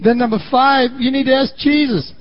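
A man preaching a sermon in an animated way, swinging between loud and quiet, on a muffled lo-fi recording. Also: very high voice, moderate pace.

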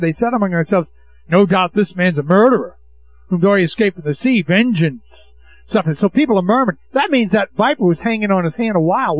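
Male preacher, high voice, emphatic sermon delivery with call-outs to the room; dull lo-fi sound. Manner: emphatic, asks the congregation rhetorical questions. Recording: dull lo-fi recording.

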